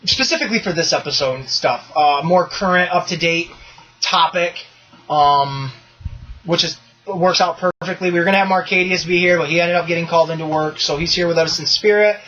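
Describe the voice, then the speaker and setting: A man's voice: on the high side, fairly quick, dull audio. A man hosting a podcast in casual chat, loose and profane, ranting with energy. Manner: loose, profane, animated rants. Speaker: podcast host.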